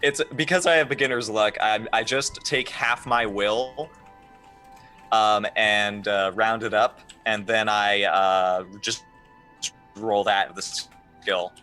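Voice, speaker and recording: A man's voice: lowish voice, slow, soft background music. A man playing a tabletop game, chatting casually and trailing off while he explains the rules. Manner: animated, hesitant when explaining rules. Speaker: player.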